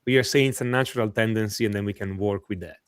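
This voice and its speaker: A man's voice: lowish voice, fast talker, clean tone, dry recording, studio quality. A man hosting a live-stream interview, asking the guest clarifying questions on behalf of the viewers. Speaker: host.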